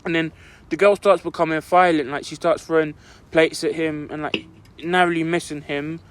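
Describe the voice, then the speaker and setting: A young man co-hosting a podcast meanders through a long story, saying "like" at every turn. His voice is on the high side with a steady tone at normal speed, and a little hiss or hum can be heard.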